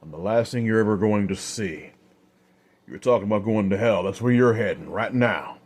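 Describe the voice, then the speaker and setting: A man voicing a cold, calm undead gunslinger who speaks in a quiet, menacing way in an audio story. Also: fairly low pitch, brisk, natural voice.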